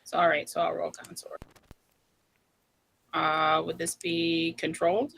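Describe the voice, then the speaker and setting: A woman's voice: low-pitched, monotone, measured pace, creaky, a bit bright, no echo, rough recording. A woman playing a tabletop game, hesitant and laid-back. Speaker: player. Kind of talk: casual tabletop play.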